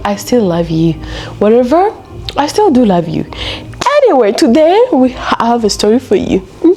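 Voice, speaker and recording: A young woman from Rwanda, speaking, tells a story to her viewers. Her pitch swings widely as she talks, and she bursts into laughter and mock complaints. She chats casually, slipping between two languages. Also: normal speed. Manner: animated, laughs often, mixes Kinyarwanda and English. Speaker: storytelling vlogger.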